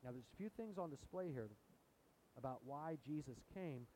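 A man's voice: mid-range voice, normal speed, a little hiss or hum, rough recording. A man preaching a sermon in a church, asking the congregation questions as he goes. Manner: animated, asks the congregation questions. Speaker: pastor. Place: church sanctuary.

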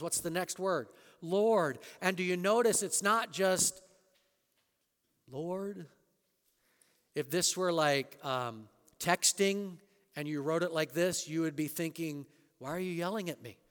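A man preaching a sermon as pastor, rising to emphatic scripture quotes and dropping to quiet asides. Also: high voice, long reverb tail.

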